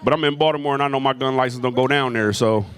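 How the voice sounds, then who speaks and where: Profane stand-up comic working a club crowd. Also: male voice, medium pitch, fast, clean tone, no echo. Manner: profane, animated storytelling with crowd work. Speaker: stand-up comedian. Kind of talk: stand-up comedy set. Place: comedy club stage.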